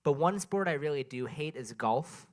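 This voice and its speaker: At an open mic in a small venue, a sleep-deprived man does stand-up in a fairly high, lively voice at normal speed. He rambles, interrupts himself, and breaks off to chat with the crowd.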